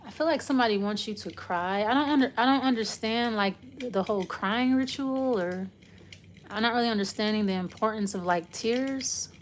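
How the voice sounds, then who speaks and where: A woman's voice: on the high side, brisk, slight background noise. A woman giving a casual, loose tarot reading, rambling and trailing off as she talks it through. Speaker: tarot reader.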